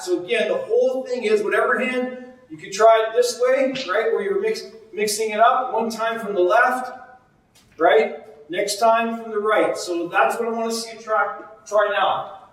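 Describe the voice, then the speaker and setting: Male goalie coach, high voice, energetic drill cues, booming echo, far from mic. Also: moderate pace. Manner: energetic, repetitive cueing. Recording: very echoey, distant mic.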